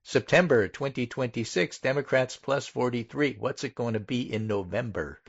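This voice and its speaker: A man's voice: medium pitch, gravelly, breathy edge, lo-fi sound. A man hosting a casual political talk show, reading poll findings aloud and stressing each number in turn. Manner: methodical, pauses to stress numbers. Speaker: political podcast host.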